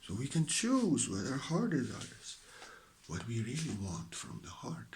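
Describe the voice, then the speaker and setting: A man's voice: mid-range voice, huge pitch swings, a little hiss or hum. Meditative man, whispering spiritual teacher. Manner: slow, meditative, drifting between whispers and fuller voice; mixed accent from living all around the world. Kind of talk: spiritual talk to camera. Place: at home beside his stove.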